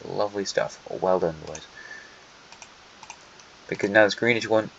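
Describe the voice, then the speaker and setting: A man's voice: on the low side, a little slow, gravelly, fairly bright tone. A man narrating an alternate history map in a casual, wry way, with dry joking asides that talk straight to the countries. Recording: lo-fi with faint hiss.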